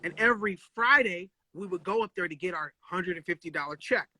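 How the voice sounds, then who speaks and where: A man telling animated stories in a casual live-stream chat, full of slang and swearing, acting out quotes. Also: sits high, a little fast, no echo. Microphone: phone live stream.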